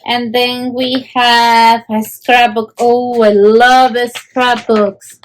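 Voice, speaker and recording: Woman, children's show host, high voice, slow, exclamatory, gushing. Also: little pitch movement, low-quality recording. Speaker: host of a kids' history show.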